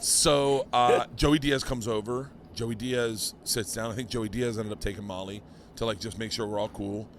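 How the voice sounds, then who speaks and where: A middle-aged man, a comedian, telling a story on a podcast in a casual, animated way, swearing freely and acting out what others said. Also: fairly low pitch, moderate pace, a little hiss or hum. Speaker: comedian guest.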